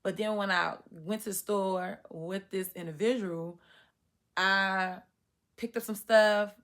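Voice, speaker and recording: A woman in her thirties telling a personal story to the camera, animated and acting out her own past reactions. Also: mid-range voice, slow pace. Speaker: vlogger. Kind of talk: storytime monologue.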